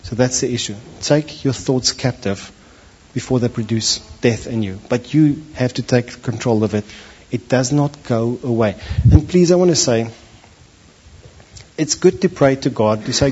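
A man preaching a sermon, animated, acting out the voices of the people in his stories. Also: medium pitch, normal speed, slightly rough. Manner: animated, acts out voices of biblical figures. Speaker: pastor. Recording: dull lo-fi recording.

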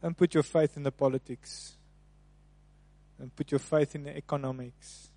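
A man preaching a sermon, swinging between soft, hushed passages and loud, emphatic ones. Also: fairly high pitch, steady tone, moderate pace, no room sound.

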